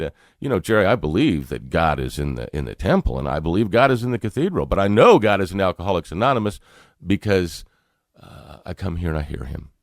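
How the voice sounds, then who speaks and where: A deep-voiced, middle-aged man from North Carolina with a Southern accent tells a personal story on talk radio. He speaks earnestly, stumbles and repeats words, and chuckles now and then. The studio sound is dry and close. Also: dry recording. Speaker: radio show host.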